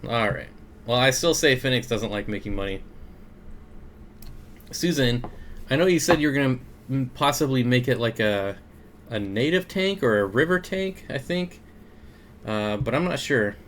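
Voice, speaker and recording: A man's voice: medium pitch, expressive, moderate pace, pauses often, a little hiss or hum. A young man hosting a casual aquarium livestream, greeting viewers by name and reading their comments with frequent chuckles. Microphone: desk mic.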